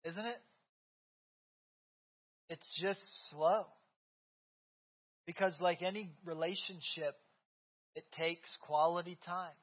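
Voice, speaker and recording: A man's voice: sits high, steady tone, slow pace, long pauses. A man in his thirties preaching a sermon in a church, talking conversationally and often checking in with "right?". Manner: conversational, keeps asking "right?". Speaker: pastor. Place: church sanctuary. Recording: dull lo-fi sermon recording.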